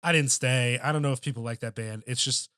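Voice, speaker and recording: A man's voice: mid-range voice, fairly quick, sharp tone, dry recording, studio quality. A man co-hosting a podcast in casual chat, telling a loose, profane story with lots of filler words. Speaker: podcast co-host.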